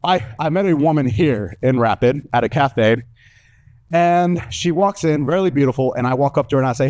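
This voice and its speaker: A young man from the American South with a Southern accent, doing a stand-up comedy set before a live audience with lively storytelling. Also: medium pitch, normal speed. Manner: animated, lively storytelling with acted-out voices.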